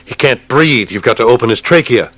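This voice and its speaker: A man reading an audiobook voicing a gruff male artillery commander who cares for his soldiers, speaking urgently. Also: low voice, steady tone, unhurried, no echo. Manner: urgent, then soothing a dying soldier.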